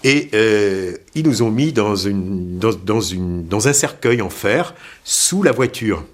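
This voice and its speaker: A man recalling captivity in an interview, halting and searching for words. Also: fairly low pitch, lively intonation. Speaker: former hostage interviewee. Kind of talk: interview recollection.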